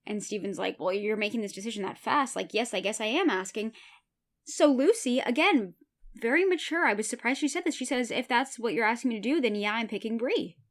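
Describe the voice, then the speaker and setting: A woman hosting a podcast, retelling and reacting to a TV episode in an animated, chatty way. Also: fairly high pitch, fairly quick. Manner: chatty, animated, laughs while retelling scenes. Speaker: podcast host. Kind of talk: casual episode recap.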